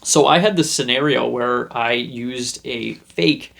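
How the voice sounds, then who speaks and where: Taking it slowly, this young self-help host speaks in a mid-range voice with vocal fry and a fairly bright tone. He rambles casually to camera through a story, acting out the scenes with put-on voices.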